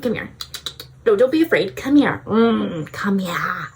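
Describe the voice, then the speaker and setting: A woman voicing her own energetic, bubbly future self, flirty and confident. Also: medium pitch, unhurried, slight background noise. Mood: coaxing. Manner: energetic and flirty, drops to a whisper.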